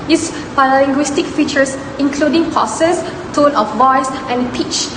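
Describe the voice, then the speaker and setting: A woman's voice: high-pitched, measured pace. A young Malaysian woman, a university student, carefully reading a scripted class presentation. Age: young adult. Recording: echoey room with long reverb, noise.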